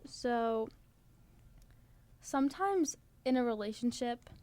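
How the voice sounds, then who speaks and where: A woman's voice: on the high side, expressive, slow pace, darkish tone. A teenage girl from New Jersey co-hosting a podcast, chatting earnestly with lots of "like" fillers. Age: teens. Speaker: podcast co-host. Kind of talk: casual chat.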